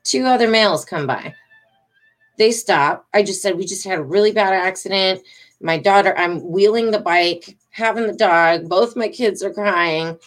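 A middle-aged woman vlogger tells her followers a story casually but agitatedly, rambling, emphatic and swearing. Her voice is mid-range and her speed normal.

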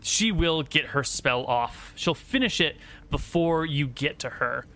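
A man narrating as game master in a tabletop role-play, relaxed and filling pauses with "um". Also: on the high side. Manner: relaxed narration with frequent fillers.

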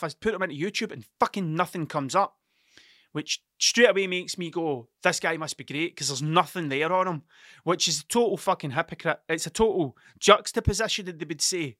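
A man's voice: on the high side, moderate pace, pushed and bright, no echo, clean studio sound. A man in his forties hosting a solo podcast, rambling and swearing heavily while mocking himself. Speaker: podcast host.

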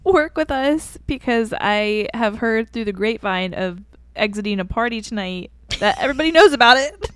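A young woman jokes at her own expense on a video call, casual and wry. Her voice sits a little high, and the sound is dry and close. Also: expressive, normal speed, a bit bright, smooth, dry recording. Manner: wry, self-deprecating, teasing. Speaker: podcast co-host.

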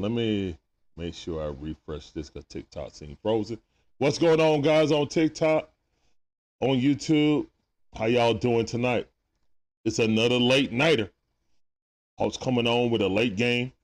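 A man's voice: medium pitch, unhurried, pauses often. A man hosting a live sports watch party stream, talking casually with viewers through a sore throat and greeting them one by one with laid-back slang.

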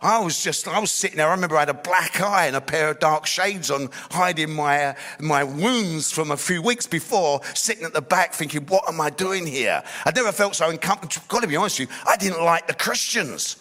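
A man's voice: a little high, lively intonation, brisk, few pauses, bright, forceful tone. A middle-aged man tells a personal testimony in a blunt, streetwise way, often adding "you know.". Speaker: speaker giving a personal testimony. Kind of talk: storytelling testimony.

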